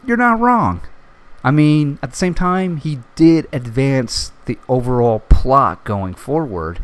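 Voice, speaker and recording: A man hosting a casual solo podcast, reviewing a TV show in an excitable way, swearing often and full of fillers. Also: mid-range voice. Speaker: podcast host.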